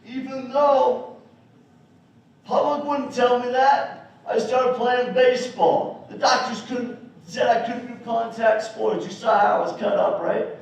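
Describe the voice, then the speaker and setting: A young man giving an energetic, storytelling motivational speech at a school assembly, talking straight to the kids. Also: very high-pitched, muffled recording. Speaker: motivational speaker. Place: school gym or auditorium. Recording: echoey hall, mic from far off.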